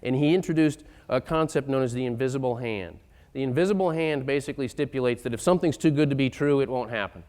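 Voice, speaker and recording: Man, emphatic lecture delivery, smooth clear voice, mid pitch. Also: fast talker. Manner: emphatic, building to loud insistent points. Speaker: economic speaker. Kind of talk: lecture-style talk.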